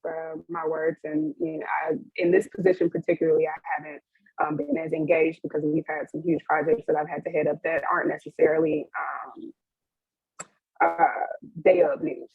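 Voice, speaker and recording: On a webinar panel, a young woman speaks candidly in a low, husky, breathy voice, open and emotional, laughing often and using plenty of fillers. Recorded over a video call, the sound is dry and narrow like a phone line, with no echo.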